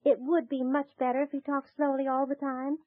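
A woman playing a kind, gentle young lady in 1940s radio acting, speaking in a motherly way. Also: high-pitched, level tone, fairly quick, dry recording, close to an everyday voice. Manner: gentle, motherly, soft laughs. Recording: tinny, dry 1940s radio transcription.

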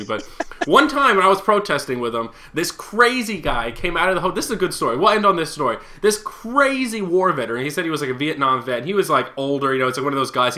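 A man's voice: mid-range voice, bright, forceful tone. A young man co-hosting a casual talk show, rambling and repeating words as he starts his sentences. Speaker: podcast co-host. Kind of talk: casual chat.

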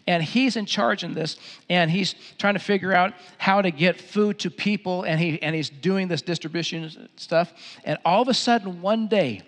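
Middle-aged pastor preaching in a reverberant church hall. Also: male voice, high-pitched, moderate pace. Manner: storytelling, animated with repeated phrases. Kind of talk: sermon. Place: church auditorium.

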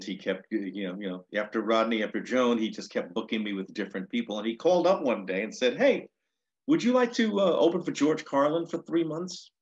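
Comedian guy rambling through old road stories, lotsa you-knows, lowish voice, kinda dull lo-fi audio. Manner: rambling, with frequent restarts and 'you know'. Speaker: stand-up comedian, interview guest. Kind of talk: casual storytelling.

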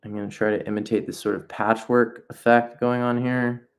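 A man's voice: mid-range voice, level tone, moderate pace. A man teaching nature journaling in a casual live demonstration, thinking aloud as he paints, breaking off and restarting sentences while encouraging viewers to sketch along.

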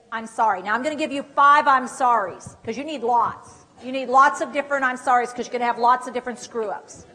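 A woman with a high voice running a live caregiver workshop, talking straight to the room and checking if everyone is ready. Her voice carries through a reverberant training hall. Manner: lively, direct, coaching the audience with questions. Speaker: dementia care trainer. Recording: echoey hall.

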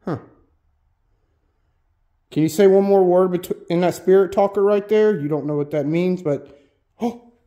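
A man's voice: sits high, measured pace, pauses often, warm tone, highs cut off. A man hosting a solo ghost-hunting vlog, casually calling out questions to spirits inside an old schoolhouse. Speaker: solo ghost hunter host. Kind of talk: paranormal investigation vlog. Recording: echoey room.

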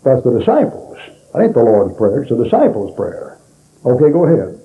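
An older man preaching in a folksy, animated sermon-teaching style at a conference, laughing as he goes. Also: mid-range voice, moderate pace. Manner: animated, laughing, mimics voices in quotes. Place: conference hall. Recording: tinny phone-like old tape.

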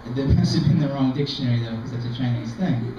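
A young man performing open mic stand-up comedy in a self-deprecating, halting, rambling way. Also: mid-range voice, distant mic, background noise. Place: small art gallery open mic. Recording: dull, echoey room recording from afar.

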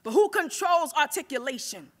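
A woman's voice: sits high, animated, normal speed. A woman spoken word poet performing live on a stage at a university event, with a rhythmic, rhyming delivery.

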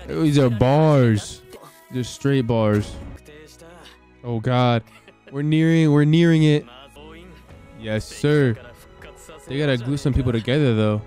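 A young man reacting to an anime episode in casual, excitable commentary, swearing and calling out "brother" as he watches. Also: mid-range voice, a little slow, long pauses, soft background music.

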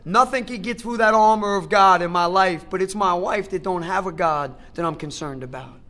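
A man's voice: high voice, normal speed, pushed and bright. A middle-aged man speaking at a recovery meeting, giving a personal testimony in an emphatic, conversational way, repeating phrases for effect and talking straight to the crowd.

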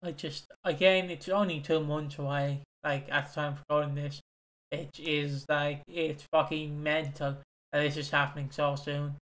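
Brief: young British male co-host, slightly high, bright and forceful tone, teasing and sweary. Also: little pitch movement, normal speed. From Britain. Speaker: podcast co-host. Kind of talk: casual chat.

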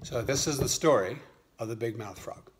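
A man's voice: mid-range voice, slight background noise. A man telling a playful farmyard story to a child. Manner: animated, playful, unhurried. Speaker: father telling a bedtime story.

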